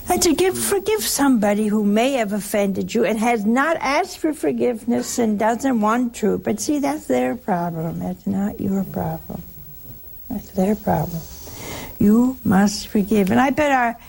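A woman preaches to listeners at home in a gravelly voice that turns husky at the edges. She tells homely stories and keeps asking her audience rhetorical questions. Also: a little high, lively intonation, unhurried, darkish tone. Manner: folksy storytelling, rhetorical questions. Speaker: religious speaker. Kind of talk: spiritual talk to a broadcast audience.

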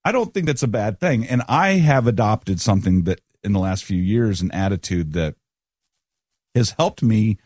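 Low-voiced man chatting on a podcast. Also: expressive, moderate pace, a little mellow, no room sound, clean studio sound. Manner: rambling, self-correcting, easygoing. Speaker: podcast co-host. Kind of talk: casual conversation.

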